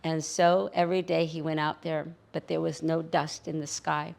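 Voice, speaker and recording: A woman storyteller telling a folk tale in a measured, rhythmic way, building with repetition. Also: deep voice, flat delivery, creaky, darkish tone.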